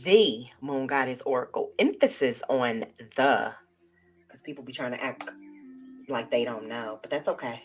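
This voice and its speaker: A woman hosting a live tarot stream, chatting casually and lively with her viewers. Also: extremely low pitch, moderate pace, husky. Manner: lively, chatty, talks to viewers as y'all and child.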